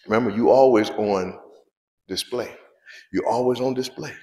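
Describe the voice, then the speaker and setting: A man's voice: medium pitch, moderate pace, mellow, roomy sound. A male pastor preaching a sermon, repeating key phrases and asking the congregation questions. He talks in an informal, conversational way. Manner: preaching with call-and-response questions and repetition; informal spoken grammar, drops verbs.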